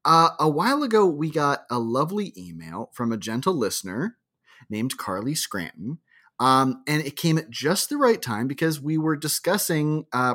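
A man in his thirties co-hosting a comedy podcast, rambling playfully with halting restarts. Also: fairly high pitch, a bit bright. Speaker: podcast co-host. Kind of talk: casual comedic chat.

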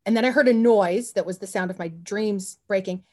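A woman guest on an interview podcast, telling stories in an animated, rambling way with many asides and restarts. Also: medium pitch, moderate pace. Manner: often says "you know what I mean". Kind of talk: casual interview storytelling.

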